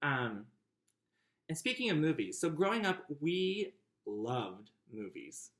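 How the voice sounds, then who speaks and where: A man narrating his personal memoir in a chatty, warm way, with frequent fillers and light laughs. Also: on the high side, very animated, takes it slowly, echoey room. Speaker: memoir author.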